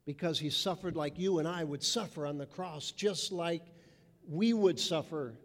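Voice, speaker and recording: A man's voice: fairly high pitch, moderate pace. A man preaching a sermon with emphasis, mimicking people's voices. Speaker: pastor. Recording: reverberant hall.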